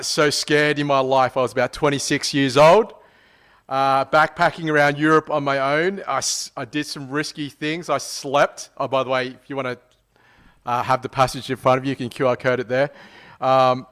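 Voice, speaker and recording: A man's voice: medium pitch, a bit bright. A man preaching a sermon, opening with a prayer and then telling a personal story in a conversational way, often checking in with the listener. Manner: conversational, tag questions, frequent fillers.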